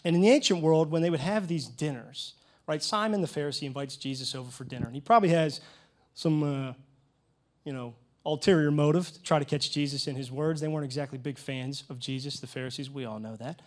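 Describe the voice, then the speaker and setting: A man's voice: on the high side, a little fast. A man in his thirties preaching a sermon, telling funny personal stories and talking straight to his congregation. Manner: lively storytelling with humor and asides to the congregation. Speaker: pastor.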